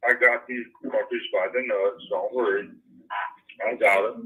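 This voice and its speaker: A man's voice: fairly low pitch, fairly even intonation, normal speed, slightly rough. A man on a phone call, preaching, then swearing and ranting with many restarts. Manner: preachy and profane, rambling with restarts. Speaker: caller. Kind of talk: heated phone conversation. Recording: muffled phone-line audio.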